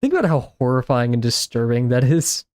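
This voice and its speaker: A man's voice: mid-range voice, big pitch swings, a little fast, darkish tone, no room sound. Dude rambling while he draws on stream, lots of likes and ums, dry close sound. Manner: rambling, filler-heavy musing. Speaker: art streamer. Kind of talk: casual chat while drawing.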